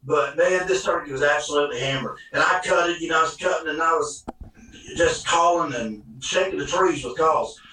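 A man spinning a hunting yarn in a folksy, colloquial way. His voice is fairly high and bright and forceful. The sound is very roomy and heard from a step back off the mic. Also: fairly quick, a little hiss or hum. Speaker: hunting guest telling a story. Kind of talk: casual storytelling. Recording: echoey room, mic at a distance.

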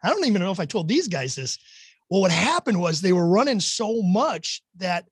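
Male guest, husky and high-voiced, rambling anecdote teller. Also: very animated, moderate pace, no room sound. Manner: rambling storyteller who stops to clear his throat. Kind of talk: casual anecdote.

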